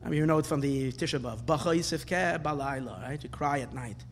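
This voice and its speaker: A man's voice: medium pitch, a little fast, a little hiss or hum. A man teaching a Torah class, asking questions and rising into emphatic bursts. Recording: hall reverb with faint ambience.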